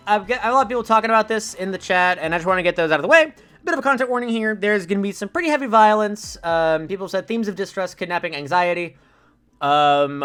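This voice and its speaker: A man's voice: sits high, a bit bright, clear, resonant tone. A young man streaming a video game, chatting casually with his viewers in a rambling way with lots of fillers. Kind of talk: casual let's-play commentary.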